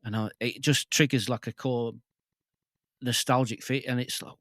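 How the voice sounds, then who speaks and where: A man's voice: medium pitch, moderate pace, dry recording. Bloke in his 40s, gets all worked up, swears a lot, dry close mic. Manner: excitable, swears freely. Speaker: podcast guest. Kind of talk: casual chat.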